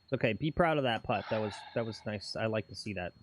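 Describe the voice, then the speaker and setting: A man's voice: on the low side, fast talker, a little hiss or hum. A man co-hosting a casual golf livestream, reading chat and teasing with mock announcer bits.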